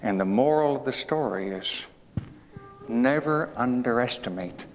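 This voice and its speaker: Slow, folksy man telling a bedtime fable. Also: mid-range voice, lively intonation. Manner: homespun, digressive, asks the audience questions. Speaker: historical reenactor as a 19th-century president. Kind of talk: folksy storytelling to children. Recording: echoey hall with faint ambient noise.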